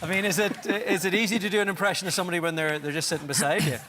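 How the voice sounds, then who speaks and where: A man, hosting a talk show and asking brisk, plain questions. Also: high-pitched, steady tone, a loud crowd, very noisy.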